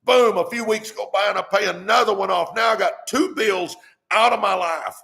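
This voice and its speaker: A man's voice: high voice, moderate pace, vocal fry, sharp tone. A middle-aged man, hosting a live stream and preaching money advice in a fired-up way that keeps repeating "come on". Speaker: host.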